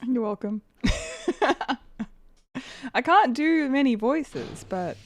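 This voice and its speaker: Lively, playful woman streamer. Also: fairly high pitch, slow, vocal fry, faint music behind. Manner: playful, laughs often, swears casually. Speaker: game streamer. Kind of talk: casual live-stream chat while gaming.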